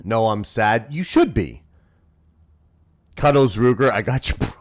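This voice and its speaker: A man in his thirties chatting casually on a live stream as its host, rowdy and profane, teasing his chat and swinging between loud shouts and low mumbles. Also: animated, a little slow, pauses often. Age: 30s.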